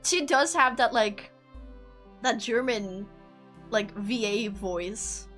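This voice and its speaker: A woman's voice: fairly high pitch, slow pace, a bit bright, faint music behind. A woman streamer chatting casually to her viewers, giggly and self-deprecating. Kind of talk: casual live-stream chat.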